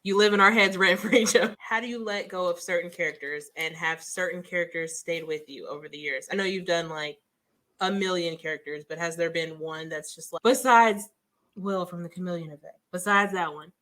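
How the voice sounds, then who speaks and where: Bright-toned chatty woman host. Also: lowish voice, steady tone, fairly quick. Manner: chatty, giggly, frequent affirmations. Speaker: book club host. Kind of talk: casual interview chat.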